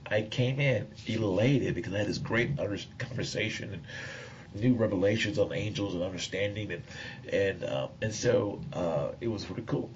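A man's voice: lowish voice, normal speed. A man preaching, telling a rambling personal story, often searching for words and chuckling. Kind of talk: sermon storytelling. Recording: dull lo-fi recording with faint noise.

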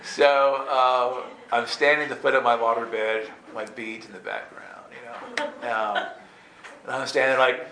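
A man telling a funny personal story in an animated way, jumping into high squeaky voices to act out his younger self. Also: moderate pace, a little hiss or hum. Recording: roomy echo, faint ambience.

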